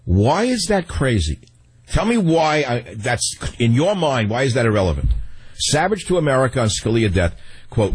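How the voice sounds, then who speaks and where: A husky-voiced male talk radio host on a fast, heated rant. He stumbles over his words as he gets worked up and keeps firing questions at his listeners. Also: medium pitch, very animated, low-quality recording. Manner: fast, emotional ranting that runs over its words. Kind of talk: political talk radio monologue.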